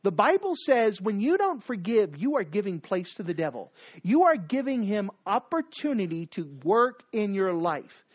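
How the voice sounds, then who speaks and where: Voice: mid-range voice, very animated, moderate pace, highs cut off. A preacher giving a sermon, exhorting the listeners with repeated commands and rhetorical questions.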